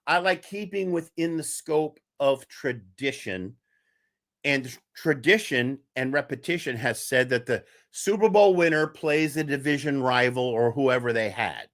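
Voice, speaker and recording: A man hosting a casual live-streamed sports talk show, animated and scattered, laughing while he juggles links and texts. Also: mid-range voice, a little slow. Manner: animated, laughing, talks to chat and co-hosts. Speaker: podcast host.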